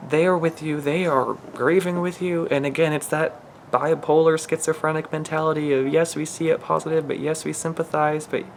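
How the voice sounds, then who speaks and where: A man's voice: fairly high pitch, steady tone, moderate pace, few pauses, a little hiss or hum. A man giving a channeled spiritual reading in an emotional, earnest way, rambling and restarting his sentences. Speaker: spiritual reader.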